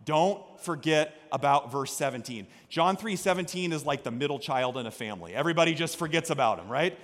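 A man preaching a sermon as pastor, energetic, swinging from quiet storytelling to loud exhortation. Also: fairly high pitch, fairly quick, few pauses. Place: church sanctuary. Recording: long reverb of a church hall.

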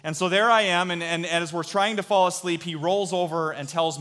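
A man telling a childhood story as part of a sermon, animated, dropping to a hush for quoted voices. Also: high voice, a little fast, few pauses. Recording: long hall reverb.

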